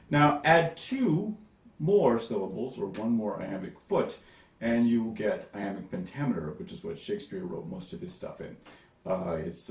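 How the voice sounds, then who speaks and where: A man teaching a recorded lesson to his class, lively and demonstrative, sounding out stresses. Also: lowish voice, reverberant, far from the mic. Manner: lively, demonstrative, sing-song stress demos.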